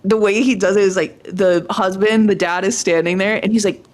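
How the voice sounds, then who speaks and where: A young woman hosting a casual chat, retelling a show scene with excitement and swearing freely. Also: medium pitch, fast, few pauses. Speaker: stream host. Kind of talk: casual chat while dyeing hair.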